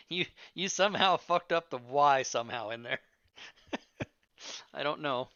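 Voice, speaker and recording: Jokey man in his fifties, bright and crisp, dry close mic with a dull lo-fi tone. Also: a little high, takes it slowly, no room sound. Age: 50s. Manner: joking, laughs often. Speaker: player. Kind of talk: casual banter at the table.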